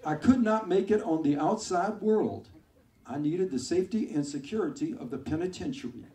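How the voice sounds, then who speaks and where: Man voicing an ex-con, slow, loud, earnest, raised pitch, distant mic. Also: natural voice. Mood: proud. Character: ex-con man doing a slow, proud lawyer ad. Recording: echoey club, far from mic, crowd.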